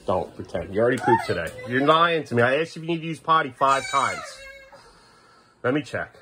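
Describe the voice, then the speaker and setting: A man's voice: mid-range voice, animated, fairly quick, background noise. A man filming his kids at home in a casual vlog, exasperated and half-laughing as he talks to them. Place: family home.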